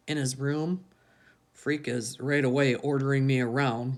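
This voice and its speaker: A woman's voice: a bass voice, fairly even intonation, unhurried. A woman reading a first-person audiobook narration in a plain, conversational way. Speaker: audiobook reader.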